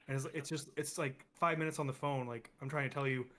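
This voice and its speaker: A man's voice: medium pitch, steady tone, bright, forceful tone. A young man co-hosting a casual podcast chat, ranting with exasperation and speeding up as he gets heated. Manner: ranting, exasperated, fast bursts when heated. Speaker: podcast co-host.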